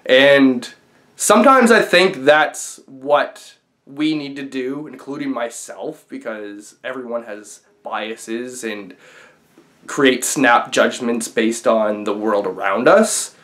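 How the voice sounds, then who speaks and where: A man's voice: medium pitch, slow, a bit bright. Man telling a story casually. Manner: conversational, with fillers and restarts. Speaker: vlogger.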